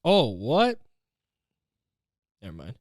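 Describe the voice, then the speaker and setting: A young man hosting a comedy podcast, ranting in a profane, animated, self-mocking way. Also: mid-range voice, slow, no echo, studio quality. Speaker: podcast host.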